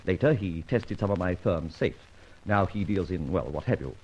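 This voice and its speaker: An actor playing a suave, proud gentleman thief, theatrical and wry, quick to indignation, in a 1940s-style radio drama. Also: sits low, animated, slightly rough, full character voice. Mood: scheming. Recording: dull old radio recording.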